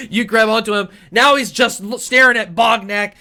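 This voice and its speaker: Bright-voiced male game master. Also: high-pitched, normal speed, gravelly. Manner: lively, laughing narration. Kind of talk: narrating a tabletop game.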